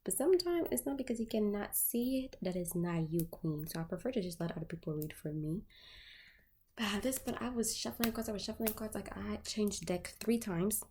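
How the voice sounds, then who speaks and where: A woman's voice: mid-range voice, expressive, a little fast, darkish tone, slight background noise. A woman tarot reader chatting casually to her viewers, candid and profane, full of filler words.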